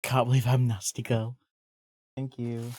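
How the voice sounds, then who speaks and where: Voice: medium pitch, a little slow, no echo. Chatty streamer with a dry close sound. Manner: chatty, swears casually, bursts into excited yelps. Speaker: livestreamer. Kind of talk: casual chat while drawing.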